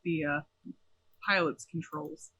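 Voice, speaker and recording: Man, tabletop player, hesitant, high voice, dry close sound. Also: fairly even intonation, takes it slowly, pushed and bright, slightly rough, no room sound, rough recording. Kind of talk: casual tabletop game chat.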